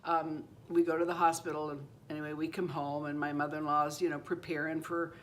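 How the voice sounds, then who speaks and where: A woman in her seventies hosts her own channel, telling a true personal story to camera in a loose, rambling way that keeps circling back with "anyway" and "you know." Her voice is low with little pitch movement, and she talks a little fast over slight background noise.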